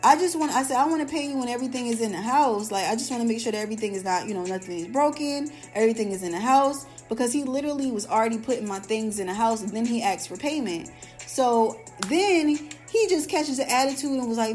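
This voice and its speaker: A young woman hosting a podcast, telling a story in a casual, animated, profane way and acting out quoted lines. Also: high voice, fast, faint music behind. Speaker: podcast host.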